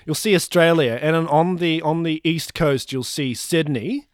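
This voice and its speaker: Slightly high deadpan comic man. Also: normal speed, no echo, studio quality. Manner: deadpan absurd storytelling. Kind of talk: improvised comedy chat.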